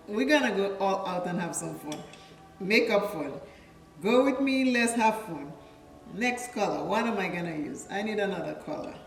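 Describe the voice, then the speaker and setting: A woman from Dominica, a makeup vlogger, chatting playfully through a tutorial and drifting into childhood stories. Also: medium pitch. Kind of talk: casual makeup tutorial chat. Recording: echoey room with the mic at a distance. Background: faint music.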